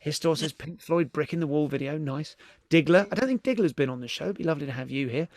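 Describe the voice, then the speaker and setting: A man's voice: fairly high pitch, fast talker, dry recording, clean studio sound. A middle-aged man with a British accent hosting a live-streamed comedy podcast, chatty and giggly, often swearing as he greets viewers. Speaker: podcast host.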